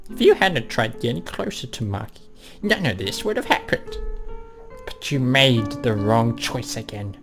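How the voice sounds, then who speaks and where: A man reading the lines of mocking, cold girl apparitions in a visual novel, in a slow, accusing delivery. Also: medium pitch, animated, music in the background. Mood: taunting.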